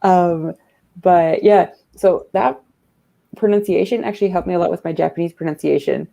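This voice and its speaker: A woman chatting casually on a stream, talking haltingly with plenty of ums and uhs. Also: on the low side, creaky, dark tone, dull audio. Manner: halting, many fillers. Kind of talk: casual chat.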